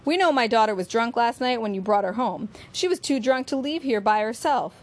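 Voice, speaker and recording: A woman's voice: fairly high pitch, expressive, brisk, voice pushed up, close to an everyday voice. A woman reading aloud, voicing an anxious, wealthy older father who pleads earnestly.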